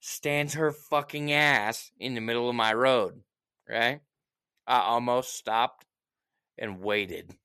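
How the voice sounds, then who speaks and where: A man in casual chat telling a story as a profane, animated rant, with mocking asides. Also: mid-range voice, slow pace, clear, resonant tone.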